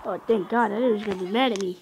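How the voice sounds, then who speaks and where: A woman giving casual gameplay commentary, excitable, often yelling and taunting at the game. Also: mid-range voice, very fast, heavy background noise. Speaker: gaming video host.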